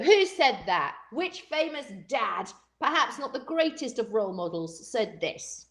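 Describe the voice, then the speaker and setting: A woman's voice: a little high, sing-song, normal speed, few pauses. A woman co-hosting a live cocktail show, chatting casually and giggling often. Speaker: co-host of a cocktail livestream. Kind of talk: casual chat. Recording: echoey room.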